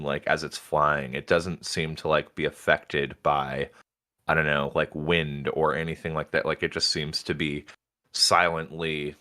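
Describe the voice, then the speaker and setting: A man with an extremely low voice talks through a book chapter on a livestream. He keeps it loose and chatty, with the odd casual swear. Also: pushed and bright. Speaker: podcast co-host.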